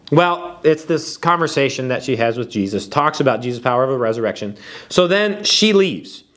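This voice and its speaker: A man giving an earnest expository Bible teaching, reflective, with slow emphatic pauses and some repeated words. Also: mid-range voice.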